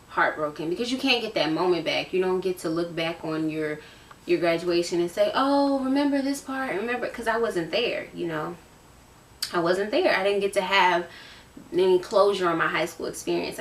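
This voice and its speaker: A woman in her late teens from Virginia, talking candidly to camera in a casual, emotional storytime, often repeating herself for emphasis. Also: lowish voice. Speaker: vlogger. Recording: roomy sound, voice from a distance.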